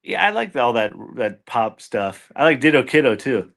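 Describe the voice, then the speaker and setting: Laid-back man with a bright voice. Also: mid-range voice, sing-song, normal speed. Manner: laid-back, hesitant, easily distracted. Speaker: podcast co-host. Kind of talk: casual podcast chat.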